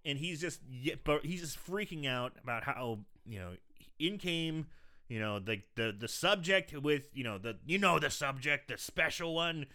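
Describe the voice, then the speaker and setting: A man's voice: fairly high pitch, animated, bright, forceful tone. A man casually recapping a movie scene by scene on a podcast, rambling, swearing and laughing easily. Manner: rambling, profane, quick to laugh. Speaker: podcast host.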